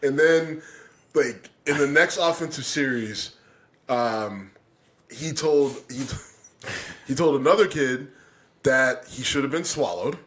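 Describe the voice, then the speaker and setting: A middle-aged man co-hosting a podcast, telling stories loudly and with lots of profanity in casual chat. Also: medium pitch, slow, pauses often. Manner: loud, profane storytelling. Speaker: podcast co-host.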